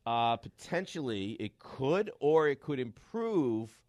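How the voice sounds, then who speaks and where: A middle-aged man hosts a sports radio show with a lively, swooping voice and dry studio sound. He banters casually with his co-host and acts out family stories in quick voices. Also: mid-range voice, dry recording. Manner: animated storyteller, acts out family quotes. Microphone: studio microphone.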